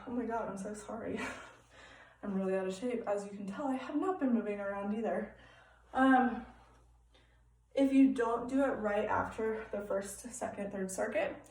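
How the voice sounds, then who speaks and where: A woman's voice: on the high side, darkish tone, far from the mic. A young woman leading a home exercise class in an upbeat, encouraging way, often checking in with the class. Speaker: fitness class instructor. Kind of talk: live-style home workout instruction. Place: room at home. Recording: echoey room, off-mic, faint background hiss.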